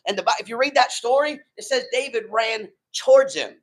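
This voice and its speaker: A man's voice: extremely high pitch, brisk, low-quality recording. A man preaching a sermon in a loose, slangy way, retelling stories with quoted voices. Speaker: pastor.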